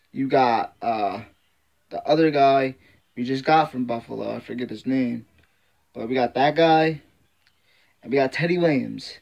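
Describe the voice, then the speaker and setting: A man's voice: medium pitch, darkish tone. A man ranting in frustration as a sports fan vlogger, swearing constantly and repeating himself. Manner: frustrated, profane, repetitive ranting. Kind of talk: angry fan rant.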